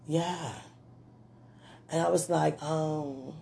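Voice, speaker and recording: A woman rambling through a personal message to a man, gushing and giggling often, with a slight lingering throat-clearing. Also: deep voice, fairly even intonation, drawn-out words, dark tone. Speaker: admirer speaking to a man on video.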